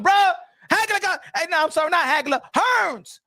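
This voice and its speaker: A man hosting a boxing talk show has a very high, pushed and bright voice with lively intonation, speaking at a moderate pace. He rants heatedly and casually, repeats himself, and swears a great deal.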